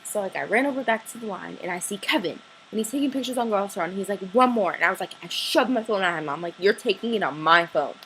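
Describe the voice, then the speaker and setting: A teenage girl telling an excited story to her camera, gushing and breathless, full of "like" fillers. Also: medium pitch, quick pace, few pauses, a little hiss or hum, poor audio. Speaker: vlogger.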